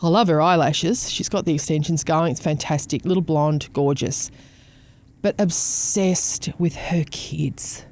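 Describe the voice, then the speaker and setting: A woman's voice: deep voice, measured pace, a little mellow. Blunt sweary Australian woman. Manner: blunt, sweary, mimics people in storytelling. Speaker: podcast host. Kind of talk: casual chat.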